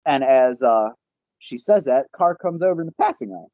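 Give me a young man telling an animated, profane story on a podcast, mid pitch, lo-fi sound. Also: moderate pace, dry recording. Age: young adult. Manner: animated, profane, laughs often. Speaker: podcast guest. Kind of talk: casual storytelling. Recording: dull, lo-fi podcast audio.

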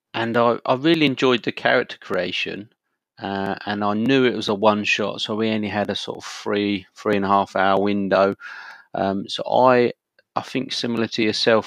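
Man, caller, low voice, gravelly, hesitant with fillers, dry sound. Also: fairly bright tone, no echo. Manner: hesitant, with many fillers and restarts. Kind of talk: casual chat.

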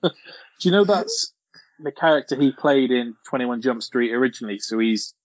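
A man co-hosting a relaxed film chat, recalling favourite quotes. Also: mid-range voice, moderate pace, no echo, lo-fi sound. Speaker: podcast co-host.

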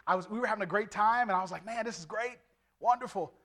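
A middle-aged man preaching his testimony as an evangelist, animated and swinging from loud to hushed. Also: sits high, quick pace. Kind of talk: testimony sermon.

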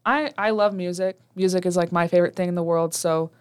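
A young woman co-hosts a student podcast in a relaxed, talkative way, laughing easily. Her voice sits a little low and sounds smooth and clean. The recording is dry and close. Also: a little fast, no room sound. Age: young adult. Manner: chatty, laughs often. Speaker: student radio host. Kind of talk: casual podcast chat.

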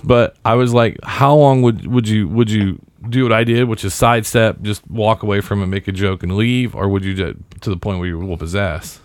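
A man's voice: on the low side, normal speed, hardly any pauses, dry recording. A man in his thirties co-hosting a casual podcast, telling a long story in a laid-back, wry way and acting out what others said. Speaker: podcast co-host.

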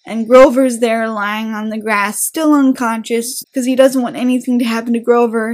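A woman hosting a book podcast, summarizing a chapter in a lively retelling and discussing it. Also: high voice. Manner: lively retelling, acting out quotes with bursts of energy.

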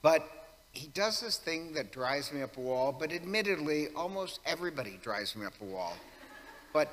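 A man's voice: mid-range voice, sharp tone. A priest giving a conversational weekday homily, wry and self-mocking in his asides. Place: church. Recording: long church reverb.

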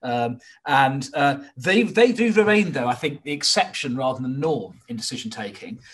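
A man hosting a planning discussion, giving measured, opinionated commentary with frequent hesitant fillers. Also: mid-range voice, animated, fairly bright tone, breathy edge. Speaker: host. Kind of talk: expert commentary.

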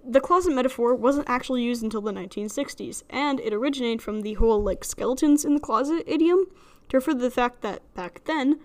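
A young woman with a slight lisp hosting a solo podcast, chatty and rambling, joking at her own expense. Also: fairly high pitch. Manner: chatty, rambling, self-deprecating with frequent laughs. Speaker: podcast host. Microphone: studio microphone alone in a room.

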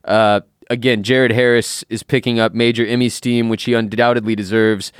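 A man co-hosts a podcast in a studio, keeping it loose and jokey with casual swearing. His pitch sits at an ordinary middle for a man. The sound is dry and close, with no room around it. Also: level tone, moderate pace, clean tone, dry recording. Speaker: podcast co-host. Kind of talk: casual chat. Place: recording studio.

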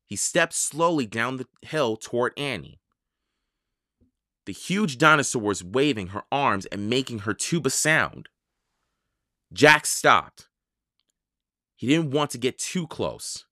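Slow, lively storybook narrator. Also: mid-range voice, dry recording, studio quality. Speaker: audiobook reader. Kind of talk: children's audiobook narration.

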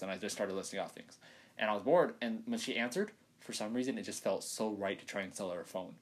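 A man's voice: on the low side, fast. A young man hosting a casual podcast with his sisters. He talks in a rambling, playful way, with many fillers and laughs. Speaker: podcast host. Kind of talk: casual chat.

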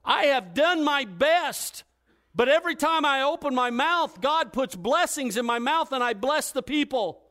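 A man's voice: extremely high pitch, lively intonation, a little slow, sharp tone, voice pushed up, heavily acted. A man acting out a greedy prophet for hire who protests in a raised, exasperated voice. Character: greedy hired male prophet, exasperated and defensive.

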